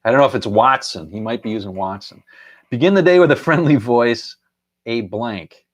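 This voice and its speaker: A man's voice: mid-range voice, moderate pace. A middle-aged man hosting a casual live stream, chuckling often and half-singing song lines as he reads out viewer answers.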